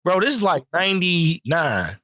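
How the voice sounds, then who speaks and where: A man spins profane, animated stories on a casual podcast. His voice sits a bit high for a man and is recorded close and dry, with no room sound. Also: normal speed, dry recording. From Chicago. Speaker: podcast host. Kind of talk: casual chat.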